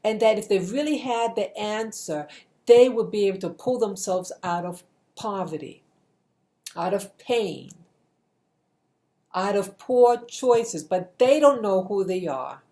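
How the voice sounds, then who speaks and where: A middle-aged woman speaks earnestly to camera as a video blogger with a motivational message, repeating herself and often restarting sentences. Her mid-range voice is dark and animated, and she takes it slowly.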